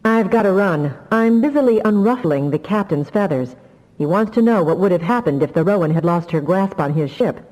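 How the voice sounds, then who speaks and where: A woman reading an audiobook, voicing a sincere, brisk male telepath who answers promptly. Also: on the low side, expressive, a little mellow, big-room sound, lightly acted, low-quality recording. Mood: earnest. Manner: prompt, grim when pressed. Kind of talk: audiobook character voice.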